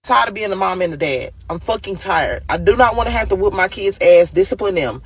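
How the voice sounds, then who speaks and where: A woman's voice: medium pitch, lively intonation, fairly quick, slightly rough. A woman venting angrily and with lots of profanity about raising her sons alone as a single mother. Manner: angry, profane, exasperated. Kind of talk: emotional venting monologue.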